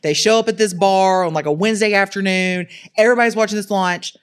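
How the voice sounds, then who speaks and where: A woman guest on a podcast interview, telling lively, jokey stories and poking fun at herself. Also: mid-range voice, quick pace, clean tone. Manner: lively, jokey, self-mocking, acts out quotes. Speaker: entrepreneur guest. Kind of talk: animated storytelling in a podcast interview.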